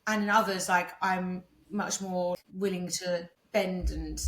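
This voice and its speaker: A woman's voice: on the low side, steady tone, takes it slowly. An Englishwoman with an English accent, co-hosting a podcast and rambling casually, full of "like" and acted-out quotes. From England. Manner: rambling, lots of "like", acts out quotes. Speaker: podcast co-host. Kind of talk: casual chat. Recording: roomy echo.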